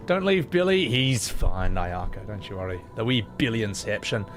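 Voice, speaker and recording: A man chatting casually on a live stream, with a voice that swings up and down in lively fashion. He jokes, swears freely and slips into soft baby talk, with faint music in the background. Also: lowish voice, moderate pace. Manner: playful, swearing, baby talk to his cat.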